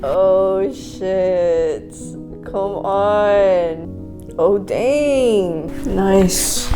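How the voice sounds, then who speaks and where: Slow, emotional woman in a roomy space. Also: medium pitch, music in the background. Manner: emotional, exclaiming, laughs often; casual slang. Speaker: book vlogger. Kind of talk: reading reaction vlog. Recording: roomy echo.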